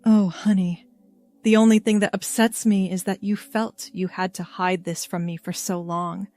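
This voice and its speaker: A woman voicing a gentle, loving middle-aged mother who speaks softly and soothingly. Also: mid-range voice, little pitch movement, moderate pace, faint music behind, lightly acted. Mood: tender. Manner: soft, tender and soothing.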